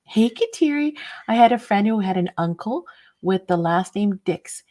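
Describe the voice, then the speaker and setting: A woman's voice: mid-range voice, animated, normal speed, dark tone. Chatty woman hosting a craft livestream. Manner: chatty, laughs often, greets viewers by name. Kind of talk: casual livestream chat.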